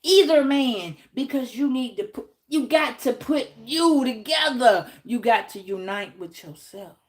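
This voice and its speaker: A woman's voice: fairly high pitch, expressive, unhurried. A woman tarot reader telling a story in a casual, emphatic way. She repeats her points and swears freely.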